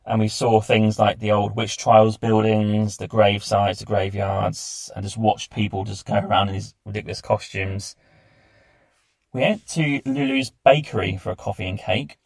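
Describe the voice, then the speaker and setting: Gravelly low-voiced man recounting travels. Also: level tone, moderate pace, no room sound. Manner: chatty, enthusiastic recounting with lists. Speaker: travel podcast host. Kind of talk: casual travel diary narration.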